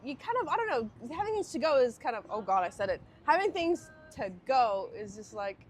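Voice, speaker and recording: A woman's voice: fairly high pitch, fast talker, few pauses. A young Australian woman co-hosting a casual sister podcast, chatting and slipping into quoted voices. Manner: lively, jumps into quoted voices. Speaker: podcast co-host. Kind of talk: casual chat.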